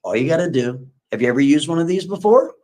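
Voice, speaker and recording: A man quoting a steady rescuer in a crisis, who talks in an urgent, reassuring way. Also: on the high side, quick pace, close to an everyday voice.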